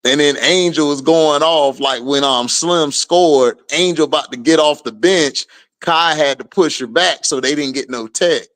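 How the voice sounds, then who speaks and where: Slow-talking man streaming game commentary. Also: on the high side. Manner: slangy, laughing, animated trash talk. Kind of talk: casual live watch-along commentary.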